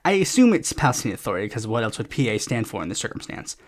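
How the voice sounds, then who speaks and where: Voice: medium pitch, very animated. A podcast host giving casual political commentary in a rambling, sarcastic way, swearing often and full of fillers. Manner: acts out other people's lines in quick put-on voices.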